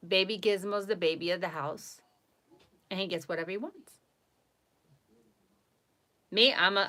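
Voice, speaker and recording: A woman host casually chatting on a home live stream, animated and cooing baby talk to her dog at times. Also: fairly low pitch, smooth.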